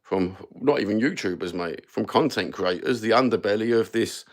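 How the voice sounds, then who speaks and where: A man's voice: fairly low pitch, moderate pace, hardly any pauses. A Cockney man ranting sarcastically and swearing constantly as he chats on a live stream. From London. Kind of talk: casual live-stream rant.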